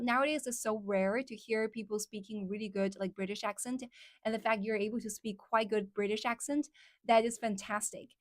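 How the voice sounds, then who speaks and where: A Chinese-native woman with a fairly high, slightly bright voice hosts a casual livestream, chatting with viewers and filling her speech with plenty of "like" and "um." The audio is clean studio quality with no room sound.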